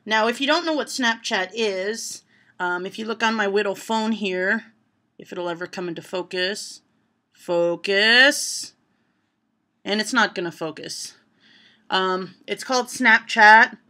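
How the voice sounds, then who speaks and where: Speaking at a normal speed in a mid-range voice, a woman reads joke lists aloud to her camera from home. It's a casual vlog, and she bursts into loud laughter at each punchline.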